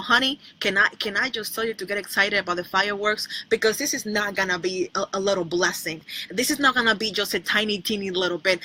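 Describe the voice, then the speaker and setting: Bright-voiced woman preaching with fervor. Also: mid-range voice, breathy edge, rough recording. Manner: emphatic, repetitive, rhetorical questions, breaks into sung snippets. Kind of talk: sermon.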